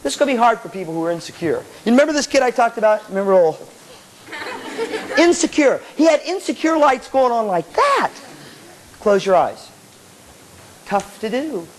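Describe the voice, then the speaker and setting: A man's voice: very high voice, very animated, moderate pace, pauses often, rough recording. A man giving a live motivational seminar to student band members, playful and blunt, acting out people's inner voices and now and then swearing. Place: hall with a student audience. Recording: 1985 live cassette tape with faint audience and hiss.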